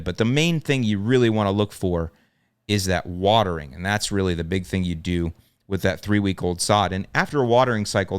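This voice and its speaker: A man's voice: on the low side, clean tone. A middle-aged man with a Chicago accent, hosting a solo podcast and giving practical, direct advice that repeats the key points plainly. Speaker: podcast host answering lawn care questions.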